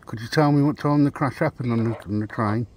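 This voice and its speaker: A man's voice: medium pitch, darkish tone, a little hiss or hum. Brummie man calling out to spirits. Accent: Birmingham. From Birmingham, England. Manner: slow, coaxing, polite questioning. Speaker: paranormal investigator. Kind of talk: calling out to spirits on a ghost hunt. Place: outdoors at night by a railway track.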